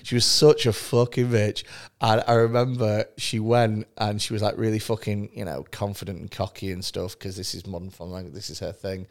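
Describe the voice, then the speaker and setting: A man's voice: lowish voice, little pitch movement, brisk. A man in casual podcast chat who tells blunt, sweary, jokey stories.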